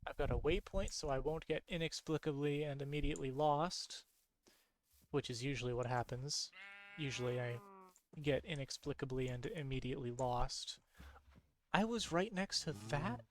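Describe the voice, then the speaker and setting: A man giving casual, rambling gameplay commentary late at night, sleepy and yawning, who repeats himself and gets excited easily. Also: mid-range voice, normal speed, slight background noise. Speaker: streamer.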